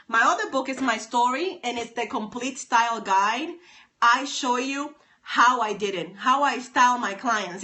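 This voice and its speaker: Bright-voiced woman on a phone livestream, kinda high, upbeat, keeps repeating stuff to viewers. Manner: upbeat, repeats herself, addresses viewers by name. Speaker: stylist and author hosting a livestream. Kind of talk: live-stream chat with viewers.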